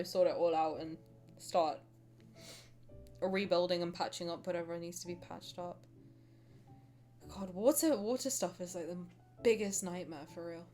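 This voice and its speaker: Chatty British woman streaming. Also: on the low side. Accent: British English. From Britain. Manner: chatty, rambling, laughing, talks to chat. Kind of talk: casual reaction chat.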